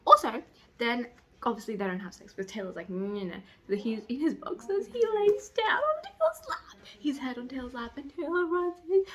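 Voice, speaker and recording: A young woman chatting casually in a reading vlog, gushing and excitable, breaking into squeals as she retells a romance novel. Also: on the high side, moderate pace. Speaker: book vlogger. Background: construction voices.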